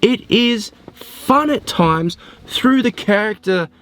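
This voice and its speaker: A man giving a casual spoken film review, animated and rambling, often poking fun at himself. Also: sits high, slow pace. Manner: animated, rambling, self-mocking.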